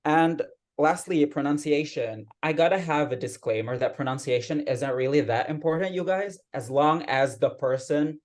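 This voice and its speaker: A man's voice: a little high, moderate pace. A man giving a patient, explanatory grammar report as club grammarian at an online meeting, speaking over a video call. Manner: patient explaining, steady teacherly tone.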